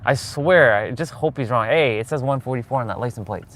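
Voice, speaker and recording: A man's voice: medium pitch, a little fast, a bit bright. A man in his forties chatting casually to viewers while he drives through city streets, rambling from one thought to the next. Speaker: vlogger. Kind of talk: casual live-stream chat while driving.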